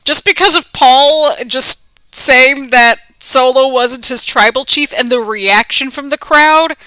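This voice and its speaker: A woman giving casual, excitable reaction commentary as a vlogger, gasping and crying out at big moments. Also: sits high, takes it slowly, no room sound, poor audio.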